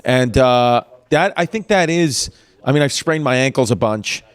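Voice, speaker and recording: A man hosting a podcast, telling stories in a loose, animated way, full of fillers and swearing. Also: medium pitch, normal speed, clean tone. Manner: animated storyteller, lots of "like" and swearing. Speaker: podcast host. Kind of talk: casual chat.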